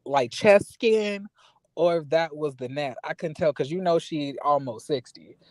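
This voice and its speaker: A man's voice: on the high side, a little slow, no room sound. A man co-hosting a casual chat, with dry offhand jokes.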